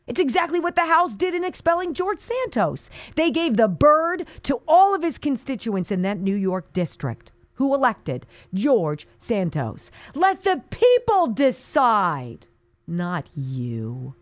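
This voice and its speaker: A woman's voice: fairly high pitch, very animated, a little slow, dry recording. A woman hosting a talk radio show, delivering an indignant, sarcastic monologue with mocking asides.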